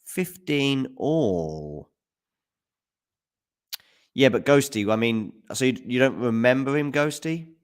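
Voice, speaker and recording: A man giving casual live tennis commentary on a stream, chatting with viewers by name and getting loud at big points. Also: medium pitch, lively intonation, takes it slowly, long pauses, clean tone. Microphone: handheld mic at times.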